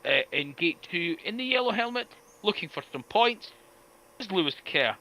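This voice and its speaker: Male co-host, bright and fairly high, steady announcer delivery for lineups and scores. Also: moderate pace, poor audio. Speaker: speedway podcast co-host. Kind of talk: reading race lineups and results.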